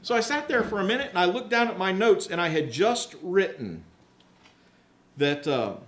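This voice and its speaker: A man's voice: high voice, animated, moderate pace, roomy sound. A man preaching a conversational sermon, telling candid, self-mocking stories and acting out the voices of people in them. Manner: candid, self-mocking storyteller who acts out quoted voices. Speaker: pastor. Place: large rented hall used for church services.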